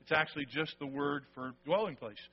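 High-voiced pastor preaching emphatically. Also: male voice, a little fast, slightly rough. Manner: conversational, emphatic, keeps asking "okay?". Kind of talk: sermon. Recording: dull lo-fi sound.

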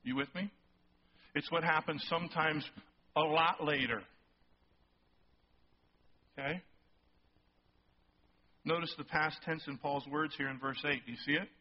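A male pastor preaching a sermon, emphatic and rising toward near-shouts on key points, often checking in with the congregation. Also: a little high, fairly even intonation, measured pace, pauses often, husky. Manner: asks the congregation frequent check-in questions. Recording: slightly muffled sermon recording.

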